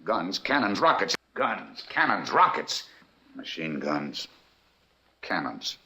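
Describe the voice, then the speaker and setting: A man's voice: low-pitched, very animated, slow, vocal fry, background noise, heavily acted. An actor playing a stern military man in a 1950s monster film, listing weapons emphatically. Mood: insistent.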